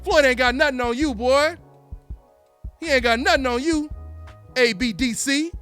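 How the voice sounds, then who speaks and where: A man hosting a solo live call-in boxing talk show, animated and taunting, calling out listeners over and over. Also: very high voice, moderate pace, faint music behind. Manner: animated, taunting, repeats himself.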